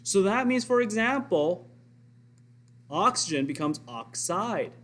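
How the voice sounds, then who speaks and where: Lively-voiced male science teacher. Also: high-pitched, slow pace. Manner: explanatory, step-by-step, asks and answers own questions. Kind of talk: recorded classroom lesson.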